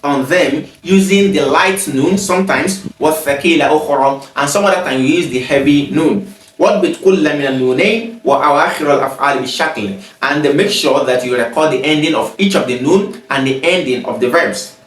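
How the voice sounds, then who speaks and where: A man teaching grammar, reading example sentences, translating them and explaining step by step with frequent pauses. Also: on the high side, recorded from a distance. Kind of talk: explaining exercises in a grammar lesson. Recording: echoey room, mic set back.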